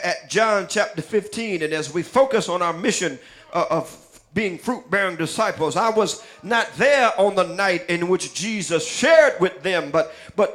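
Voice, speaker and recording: High-voiced preaching man in church. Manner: names listeners in the pews as he preaches; half-chants quoted song lyrics, rising and loud. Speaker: pastor. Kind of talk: sermon. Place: church sanctuary.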